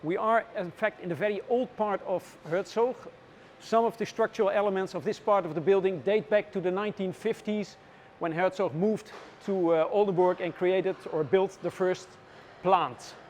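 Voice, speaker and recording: A man with a notably high voice leads a tour through a factory floor, explaining the work in a measured, unhurried way. Faint machine noise hums behind him. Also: steady tone, a little mellow. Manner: explanatory, measured, with frequent "uh" pauses.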